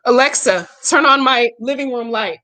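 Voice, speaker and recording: A woman's voice: on the high side, moderate pace, bright, forceful tone. A woman hosting a live stream, chatting casually with viewers by name and talking back to their comments in a blunt, profane, outspoken way.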